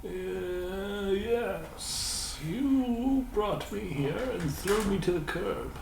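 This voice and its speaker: A man's voice: high voice, extremely slow, creaky, voice pushed up, exaggerated voice. A man voicing a frail, ancient old doll maker who talks with dry, wry remarks. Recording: roomy, distant mic, audible hiss.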